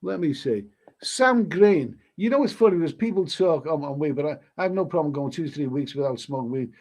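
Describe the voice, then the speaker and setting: A man's voice: a little high, animated, fairly quick, a little mellow. A middle-aged man hosting a casual live stream, sniffling with hay fever, blunt and crude, swearing freely and stammering as he reads viewer comments. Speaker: YouTube host reading live chat.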